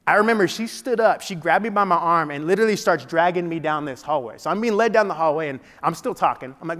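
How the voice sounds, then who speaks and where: A man's voice: a little high, expressive, fast, few pauses, a bit bright. A man giving a motivational keynote speech, telling a personal story in a conversational way with frequent restarts. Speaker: keynote speaker. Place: large meeting hall. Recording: long hall reverb.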